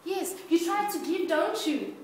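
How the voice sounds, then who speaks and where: Lively woman preacher, high voice, quizzing the congregation, recorded from far off in an echoey church hall. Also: a little slow. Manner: playful, asks the congregation questions, laughs often. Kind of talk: interactive sermon. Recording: echoey hall, distant mic, background hiss.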